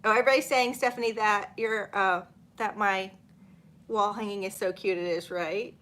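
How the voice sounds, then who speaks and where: A woman's voice: medium pitch, fairly even intonation, moderate pace, a bit bright. A middle-aged woman, hosting a casual live stream, chatting and laughing as she reads viewer comments. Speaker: channel host.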